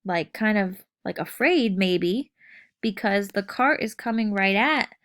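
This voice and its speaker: Slow, patient woman teaching writing. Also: medium pitch, animated, fairly bright tone. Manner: patient, explains step by step, checks in with "okay?" and "right?". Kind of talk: recorded writing lesson.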